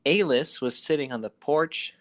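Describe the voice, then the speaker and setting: A man with a mid-pitched voice, reading lines aloud and trading mock-defensive banter with friends. He sounds casual and unpolished. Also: normal speed, fairly bright tone. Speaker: podcast co-host reading aloud. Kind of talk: casual joking group reading.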